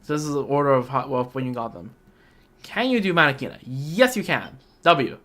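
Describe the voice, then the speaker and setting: A young adult streamer giving casual, excitable commentary while playing a game, blurting reactions and talking to themselves. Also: mid-range voice, normal speed. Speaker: gameplay streamer.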